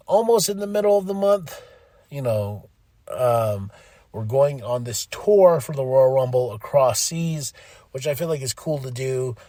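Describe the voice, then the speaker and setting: A man hosting a casual solo podcast recap. He is excitable and animated, swears freely, laughs often and mimics the people he talks about. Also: medium pitch, no echo. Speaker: podcast host.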